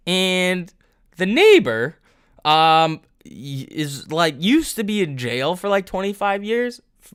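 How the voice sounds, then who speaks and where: Animated, bright-voiced man telling stories. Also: on the high side, clear, resonant tone. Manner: rambling, animated storytelling with laughs and self-interruptions. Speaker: livestream trading host. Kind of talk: casual storytelling on a livestream.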